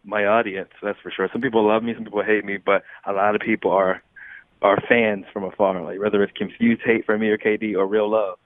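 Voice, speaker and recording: A young man speaking as a guest in an interview, relaxed and chuckling often, sometimes restarting his phrases. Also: on the low side, brisk, no echo. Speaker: guest athlete. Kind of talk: casual interview talk. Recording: tinny phone line.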